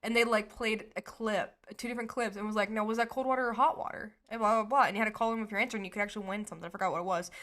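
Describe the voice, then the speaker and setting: A woman's voice: mid-range voice, steady tone, very fast, few pauses, fairly bright tone. A woman co-hosting a podcast in casual chat, rambling and often correcting herself mid-sentence. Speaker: podcast co-host.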